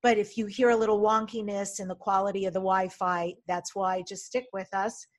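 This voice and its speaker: A woman hosting an interview show, upbeat and quick to laugh. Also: medium pitch, level tone. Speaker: podcast host.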